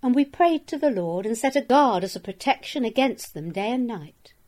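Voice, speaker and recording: A woman reading a daily devotional of Bible verses in a measured, solemn manner, with each verse and its reference read out. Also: fairly high pitch, lively intonation, a little mellow. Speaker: scripture reader.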